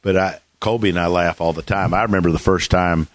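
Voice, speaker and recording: A man's voice: low voice, steady tone, fairly quick, no room sound. A man hosting a casual golf coaching interview, rambling with many restarts and fillers. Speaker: golf coach and podcast host.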